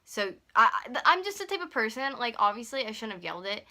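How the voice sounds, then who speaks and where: A woman's voice: on the high side, very animated, bright, forceful tone. Heated young woman telling a storytime. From North America. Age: 20s. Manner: fast, heated retelling full of "like". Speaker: YouTuber. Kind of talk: storytime vlog. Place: at home. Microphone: camera on a stand.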